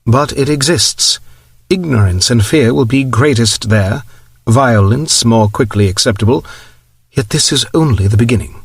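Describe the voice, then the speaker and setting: A man reading as a calm British-accented commissar woman. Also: mid-range voice, normal speed, husky, no echo, clean studio sound. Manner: calm, formal. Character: calm measured female commissar.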